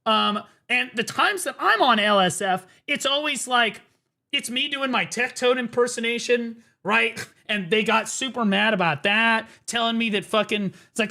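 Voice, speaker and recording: A man's voice: high voice, normal speed, creaky, sharp tone. A man streaming live reaction commentary, blunt and profane, repeating his points as he gets riled up. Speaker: streamer host.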